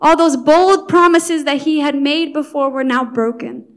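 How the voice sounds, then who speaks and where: A woman preaching a devotional Bible talk with earnest feeling, dropping soft and then swelling loud for emphasis. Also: high-pitched, steady tone, a little slow.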